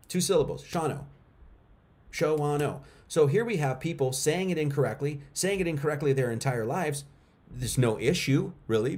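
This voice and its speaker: The voice sits on the high side with a darkish tone. He's a middle-aged man hosting a laid-back livestream, speaking to chat forcefully and repeating himself for effect.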